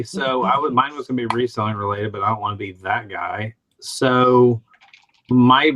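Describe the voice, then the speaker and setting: A man's voice: medium pitch, sharp tone, poor audio. A middle-aged man from Alabama, chatting on a podcast panel and telling rambling, self-mocking stories. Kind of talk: casual podcast chat.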